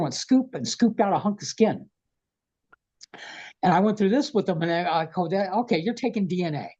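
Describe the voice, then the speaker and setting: A man guesting on a video call, telling his experiences frankly and at length, with rough, profane, animated storytelling. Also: high-pitched, muffled recording. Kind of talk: casual storytelling interview.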